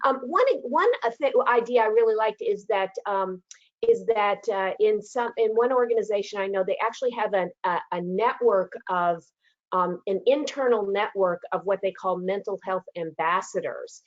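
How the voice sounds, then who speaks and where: A woman's voice: mid-range voice, normal speed. A woman panelist in a casual webinar discussion, chatty, with frequent fillers and laughter, heard over a video call. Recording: dull lo-fi call audio.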